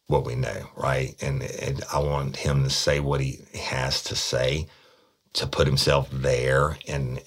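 A middle-aged man, telling a case story bluntly and profanely, with frequent stammered restarts. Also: very deep voice. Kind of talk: casual spoken storytelling podcast.

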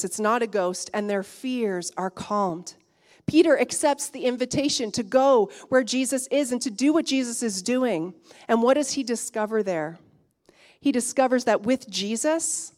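A woman pastor preaching a sermon, swinging from hushed, intimate lines to emphatic, rising ones. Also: medium pitch.

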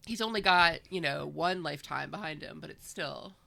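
A woman chatting casually with dry, sarcastic asides. Her voice is bright and a little gravelly, and she sits somewhat low in pitch. She talks like a relaxed co-host going over a story. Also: moderate pace. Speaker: podcast co-host. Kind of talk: casual chat recapping a book.

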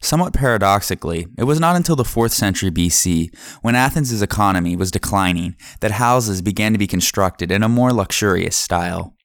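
A man narrating a history podcast from a script, in a measured reading manner. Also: lowish voice, a bit bright, dry recording, studio quality.

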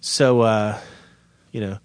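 Deadpan, self-mocking storytelling man. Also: lowish voice, slow pace, no echo. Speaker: podcast co-host. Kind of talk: casual storytelling chat.

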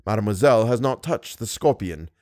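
A man plays a calm, menacing masked man who weighs every word with chilling deliberation. The delivery is lively in its rises and falls, and the recording is dry and close. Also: mid-range voice, no room sound, lightly acted. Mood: coldly menacing. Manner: slow, deliberate, icily composed. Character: cold, menacing masked male genius, calm.

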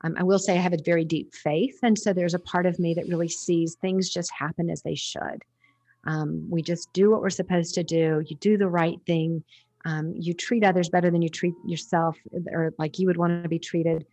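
A woman's voice: fairly low pitch, little pitch movement, moderate pace, a little mellow, no echo. A woman guest on a podcast interview, talking in a reflective, rambling way with restarts.

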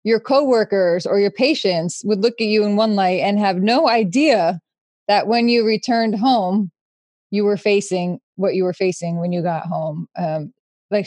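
A woman's voice: medium pitch, a little mellow, no room sound. Woman host, empathetic probing questions, dry close sound. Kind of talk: interview conversation.

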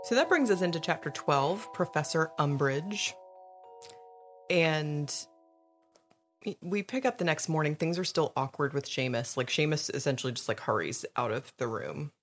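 A woman co-hosting a podcast, chatting casually about a book, animated and quick to laugh and swear. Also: deep voice, soft background music. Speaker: podcast co-host. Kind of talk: casual chat recapping a book.

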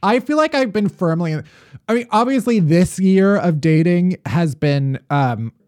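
A woman co-hosting a podcast spins wry, profane anecdotes in casual chat. Her pitch swings widely, giving her talk a lively, animated lilt. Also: a little slow. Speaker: podcast co-host.

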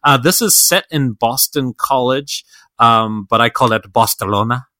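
A man's voice: medium pitch, unhurried, pushed and bright, dry recording. A man co-hosting a podcast in casual film chat. He talks enthusiastically and rambles with lots of fillers and restarts. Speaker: podcast co-host.

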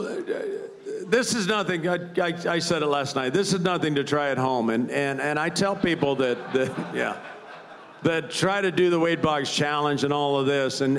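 A man's voice: fairly high pitch, fairly bright tone. An older man, a retired ballplayer, telling rambling anecdotes in a live interview with frequent restarts and chuckles. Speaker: retired baseball player, guest.

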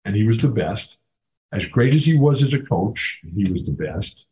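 A man's voice: lowish voice, a little mellow, low-quality recording. An older man, a former college basketball player, talking as a guest in a casual interview, telling enthusiastic stories with many restarts.

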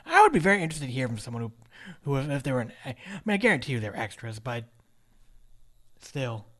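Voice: medium pitch, sing-song, quick pace, fairly bright tone. A podcast co-host chatting casually and joking while narrating a wrestling match move by move. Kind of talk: casual podcast chat with play-by-play recap.

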